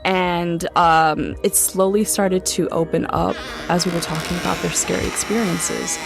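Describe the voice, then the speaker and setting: A woman's voice: fairly low pitch, steady tone, a little slow, creaky, over music. A young woman casually recounting a true ghost story in a chatty way, full of "like" and "um" fillers. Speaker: guest storyteller.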